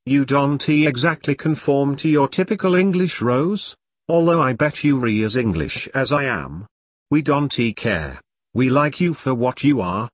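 A blunt male soldier who scolds his comrade out of care, swearing freely, as read by an audiobook narrator. The voice is mid-pitched, and the recording is dry and close. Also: lively intonation, a little slow, no room sound. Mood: gentle. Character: blunt protective male soldier, gruff and caring.

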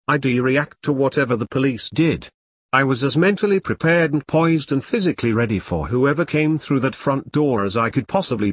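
A man reading a story aloud in a flat, machine-like way, speaking the punctuation marks as words. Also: medium pitch, breathy edge, dry recording, studio quality. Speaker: reader. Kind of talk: machine-read story narration.

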